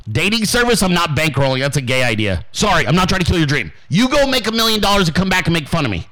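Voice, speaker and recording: Male host, profane motivational rant, high lively voice, bright tone. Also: quick pace, few pauses, low-quality recording. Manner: brash, swearing constantly, acts out quoted voices. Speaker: podcast host.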